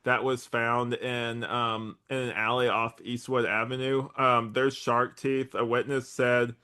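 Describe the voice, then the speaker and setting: A man's voice: medium pitch, flat delivery, measured pace, pushed and bright, clear, resonant tone. A young man co-hosting a casual rewatch podcast, rambling with lots of likes and ums and laughing often. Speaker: podcast co-host.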